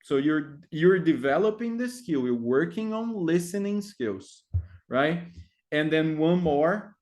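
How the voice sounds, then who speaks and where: A man's voice: fairly high pitch, expressive, slow pace, a little mellow. Man, explaining lessons. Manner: hesitant, many fillers, frequent tag "right?". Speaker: English teacher trainer. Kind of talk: explaining classroom activities.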